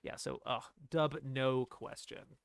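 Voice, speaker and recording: A young man streaming casual film commentary, animated and laughing, reading dialogue lines aloud. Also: medium pitch, slow, gravelly, over music.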